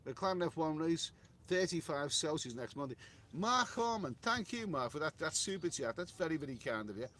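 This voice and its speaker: Chatty man, slightly high voice. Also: sing-song, brisk, a bit bright. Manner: chatty, rambling, repeats words and restarts, says mate. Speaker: travel livestream host reading viewer chat. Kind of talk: casual live-stream chat. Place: hotel room.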